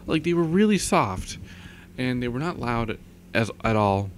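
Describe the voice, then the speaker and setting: A young man in a casual vlog monologue, rambling and halting with many restarts, his throat tired from long talking. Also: medium pitch, very animated, slight background noise. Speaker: vlogger. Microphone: microphone with pop filter.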